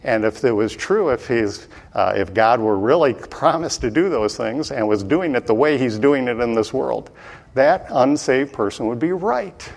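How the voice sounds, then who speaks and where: A man giving an earnest sermon as a Bible teacher, repeating points and often pausing on "uh". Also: mid-range voice, expressive, vocal fry, darkish tone. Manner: earnest, repetitive, many "uh" fillers.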